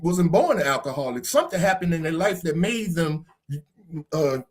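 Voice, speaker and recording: A man hosting a podcast discussion, talking in a preachy, casual way and swearing now and then. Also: high voice. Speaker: podcast host.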